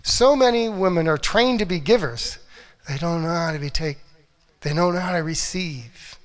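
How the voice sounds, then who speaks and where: A middle-aged man speaking as a relationship coach, with a voice that sits a little above most men's. He tells stories with lots of energy, acting out quotes, sometimes dropping to a hush and sometimes getting loud. It sounds like a motivational talk given to an audience. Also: on the high side, normal speed. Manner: animated storytelling, acts out quotes, swings from hushed to loud.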